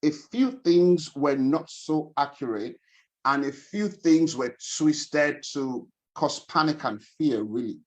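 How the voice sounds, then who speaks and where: A man's voice: fairly high pitch, slow pace, a little mellow. Upbeat man hosting a webinar. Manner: upbeat, chatty, greets attendees by name. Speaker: financial coach hosting a webinar. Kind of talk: casual online webinar hosting. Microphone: video call.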